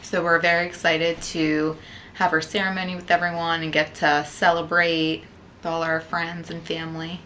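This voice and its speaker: A woman's voice: on the low side, flat delivery, normal speed, bright, forceful tone, slight background noise, poor audio. A young woman casually telling the story of her engagement, chatty with wry asides.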